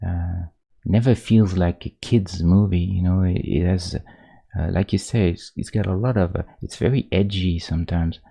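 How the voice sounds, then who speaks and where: A man with a low, gravelly voice talks loosely while he draws on stream. His tone is dark and mellow, and his sentences ramble and restart before he gets animated. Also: moderate pace. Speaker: pixel art streamer. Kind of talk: casual chat while drawing on stream.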